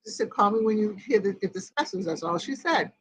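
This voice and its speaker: A woman's voice: medium pitch, a little fast, a bit bright, breathy edge, low-quality recording. An older woman hosting a grief group, telling a personal story in a rambling way and quoting each conversation word for word. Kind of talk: personal storytelling in casual chat.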